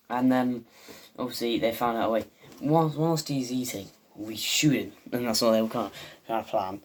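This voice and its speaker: Rambling man recapping a show. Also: medium pitch. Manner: rambling, full of fillers. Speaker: video host. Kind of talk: casual episode recap.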